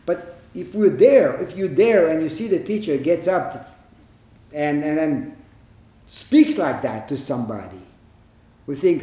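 A man giving a Zen dharma talk, plain-spoken and emphatic, with pauses and rhetorical questions, in a meditation hall. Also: on the high side, animated, mellow. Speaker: Zen teacher.

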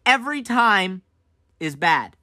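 A stern mother grills her son and then scolds him, as a man puts her on. The voice is bright and edged, heard dry and close with no room around it. The questions come clipped and pointed. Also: sits high, very animated, slow pace, dry recording, pitched above the performer's own voice, heavily acted. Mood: scolding. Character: scolding mother of a young boy.

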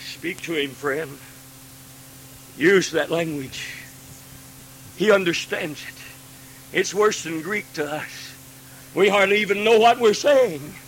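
A man preaching a Pentecostal sermon, swinging from hushed pleading to ringing cries and acting out God's pleading voice. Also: high-pitched, slow, long pauses, a little hiss or hum, low-quality recording.

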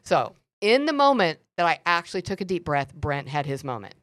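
A middle-aged woman telling a candid personal story on a podcast, expressive and animated. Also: low voice, fairly quick, no room sound, clean studio sound. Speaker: podcast guest.

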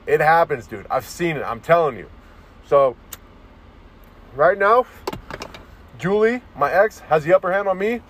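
A man's voice: on the high side, lively intonation, measured pace, pauses often, fairly bright tone, a little hiss or hum. A man ranting in a casual monologue as a vlogger, profane and rambling, restarting his sentences often.

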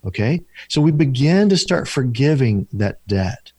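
A man's voice: medium pitch, very animated, a little slow, darkish tone, breathy edge, no room sound. A man, a deliverance minister and counselor, telling stories in an interview in an earnest, repetitive preaching cadence. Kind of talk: interview storytelling.

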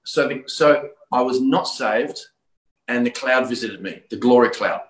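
A man from Australia, middle-aged or older, telling his personal story of religious conversion as a guest, earnest and full of halting restarts. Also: medium pitch. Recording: roomy echo.

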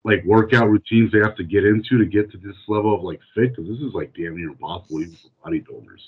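A man's voice: lowish voice, quick pace, breathy edge, narrow, tinny audio. A man in casual podcast chat, loose and full of fillers.

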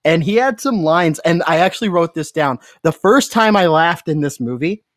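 A man's voice: a little high, lively intonation, moderate pace, no room sound, clean studio sound. Wry, laughing male podcast co-host. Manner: wry, laughs often, sarcastic asides. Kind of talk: casual chat reviewing a movie.

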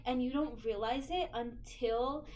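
A young American woman in casual chat, animated and full of fillers. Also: a little high. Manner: animated, filler-heavy, quick to laugh.

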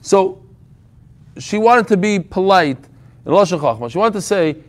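A man's voice: high voice, animated, unhurried, pauses often. A man teaching an informal Talmud class, telling the story with humor and frequent restarts.

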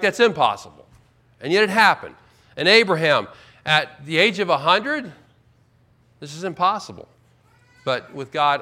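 A man preaching a sermon as pastor, emphatic, slowing right down to stress key words. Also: a little high, bright, forceful tone. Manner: emphatic, with slow drawn-out stresses.

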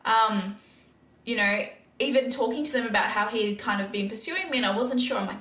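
A woman's voice: fairly high pitch, fairly quick, fairly bright tone, reverberant. A woman hosting a casual faith-based podcast monologue, earnest and encouraging, with lots of filler words. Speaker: podcast host.

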